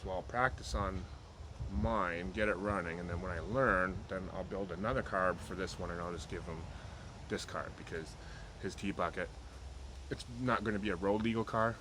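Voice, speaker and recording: A man with a fairly low voice talks through his project in an easygoing, rambling way, dropping dry jokes as he goes. It sounds like a home video shot in a garage, with plenty of background noise under his voice. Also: normal speed. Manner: rambling, offhand, jokey. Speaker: car hobbyist vlogger. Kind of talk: casual workshop vlog.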